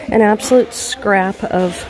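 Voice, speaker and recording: This woman in her thirties, a reseller vlogger, speaks at a slow pace with a medium pitch as she cheerfully shows off thrift finds to camera, using "like" a lot. There's background noise, and the setting moves between a thrift store and her car, inside and outside.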